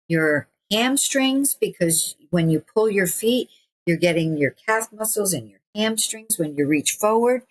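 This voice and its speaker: A woman in her sixties, a guest on an interview podcast, who tells stories in an animated way, laughing often and acting out what people said. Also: fairly low pitch. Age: 60s. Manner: animated, acts out quoted voices, laughs often. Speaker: guest, stretching teacher. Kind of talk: casual interview storytelling.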